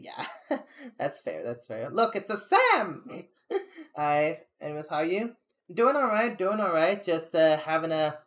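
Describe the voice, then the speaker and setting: A woman's voice: deep voice, slight background noise. A young adult woman streaming, chatting casually and venting candidly, rambling with frequent laughs. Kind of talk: casual live-stream chat.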